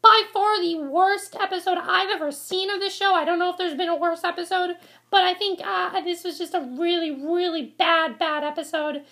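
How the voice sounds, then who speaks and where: A woman's voice: very high voice, fairly even intonation, fairly quick, sharp tone. A woman giving a casual, exasperated review rant to camera, rambling and repeating herself. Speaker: vlogger reviewing a TV episode.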